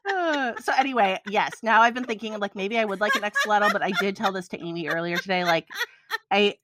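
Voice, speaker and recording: A woman's voice: mid-range voice, brisk, very noisy. An American woman co-hosting a podcast, telling a story in casual chat and laughing often. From United States. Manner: chatty storytelling, laughs and wheezes a lot. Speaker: podcast co-host.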